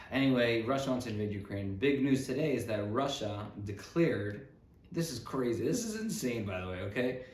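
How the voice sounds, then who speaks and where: A man's voice: medium pitch, animated, moderate pace, darkish tone. A man hosting a casual comedic talk show, rambling and sarcastic, often breaking off mid-thought. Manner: rambling, sarcastic, self-interrupting. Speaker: podcast host. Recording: roomy with faint background noise.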